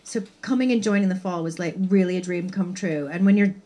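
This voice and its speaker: Animated woman from the United States. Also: lowish voice, fairly quick. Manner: animated storytelling with hesitations. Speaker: panel guest. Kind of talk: casual anecdote on a panel. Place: bookshop event before a live audience.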